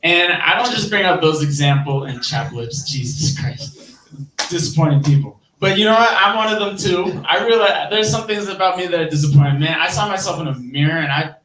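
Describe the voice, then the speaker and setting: A man's voice: fairly high pitch, a little fast, fairly bright tone, reverberant, far from the mic, poor audio. A man with a Midwestern accent doing rambling, self-deprecating stand-up, laughing at his own jokes. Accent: Midwestern American. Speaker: stand-up comedian. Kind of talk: stand-up comedy set on a live stream.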